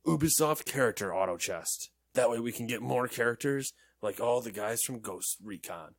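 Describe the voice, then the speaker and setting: Reading gaming headlines as a co-host, this man keeps the banter casual, joking and animated with quick asides throughout. His voice is medium in pitch, and the studio-quality recording has no echo.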